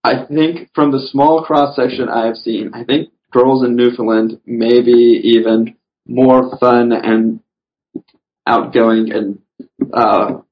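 A man's voice: mid-range voice, fairly even intonation, slow. A man chatting casually on a podcast as a guest, rambling through his stories with lots of "you know" fillers. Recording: dull lo-fi recording.

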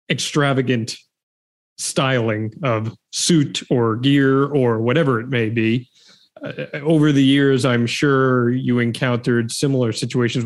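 A man interviewing a guest on a podcast, asking measured follow-up questions. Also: mid-range voice.

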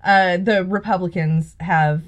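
A woman's voice: lowish voice, steady tone, measured pace, highs cut off. A young woman co-hosting a podcast, ranting indignantly and sarcastically about politics in casual chat. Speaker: podcast co-host.

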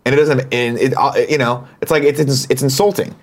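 A man co-hosting a casual morning show, telling an animated, profane story with self-described paranoia. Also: medium pitch, fairly quick. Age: older than cohosts. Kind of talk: casual chat.

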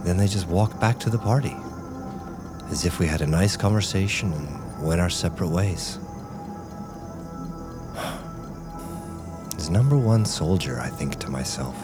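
A man narrating an audio drama in a hushed, drowsy voice, as if drugged and sleepy, sometimes dropping to a whisper. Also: low-pitched, normal speed. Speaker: narrator and lead character. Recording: voice over loud music score.

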